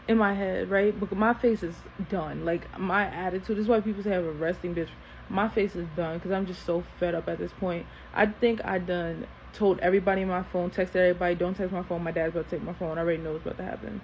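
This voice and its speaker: Animated woman telling a storytime. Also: on the low side, fairly quick. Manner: animated, candid, repeats phrases for emphasis. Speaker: storytime host. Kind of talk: casual storytime vlog. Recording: dull lo-fi sound with faint hiss.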